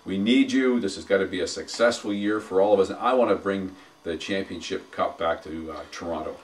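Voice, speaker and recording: A man co-hosting a casual sports talk show who speaks in halting bursts full of fillers, building up enthusiasm as he goes. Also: low-pitched, distant mic. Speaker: podcast co-host and arena announcer.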